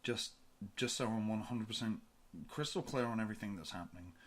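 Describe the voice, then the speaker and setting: A frightened young hacker, thin and jittery, who hides his fear behind sarcasm, as a man voices him in an audiobook. His voice sits low but jumps up in nervous, quick bursts. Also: close to an everyday voice. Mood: panicked.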